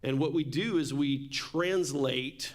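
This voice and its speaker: A man's voice: a little high, takes it slowly. A man preaching a sermon on a church microphone, casual and joking as he tells stories. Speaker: pastor. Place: church sanctuary. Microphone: handheld or stage microphone.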